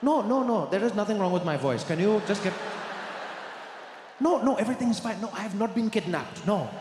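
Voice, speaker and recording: A man voicing a grown man on the phone with his mother, flustered, repeating himself and insisting his high voice is fine. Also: expressive, fairly quick, background noise. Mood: flustered, defensive. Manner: flustered, repeats himself, keeps cutting the caller off. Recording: live hall with long reverb, faint ambience.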